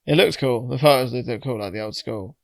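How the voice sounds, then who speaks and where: A man's voice: medium pitch, a little fast, gravelly, no echo. A man on a casual podcast, telling an anecdote and laughing through it. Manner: storytelling, laughs at his own anecdote. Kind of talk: casual chat.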